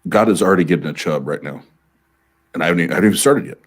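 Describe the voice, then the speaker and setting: Husky low-voiced man, joking. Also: racing. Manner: joking, bawdy, stammering restarts. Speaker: guest reader on a call-in stream. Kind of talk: casual joking chat.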